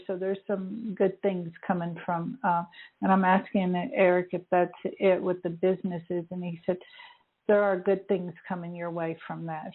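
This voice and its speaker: A woman working as a spirit medium, passing on messages to callers in a hesitant, searching way, with many fillers. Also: on the low side. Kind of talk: relaying messages on a call-in radio show. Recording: narrow phone-line sound.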